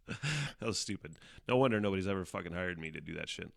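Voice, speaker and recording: A man's voice: low voice, animated, fast talker, gravelly, no echo, studio quality. Profane, rambling male podcast host. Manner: profane, rambling, self-mocking, laughs often. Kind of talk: casual solo live-stream podcast. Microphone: headphones on, desk mic.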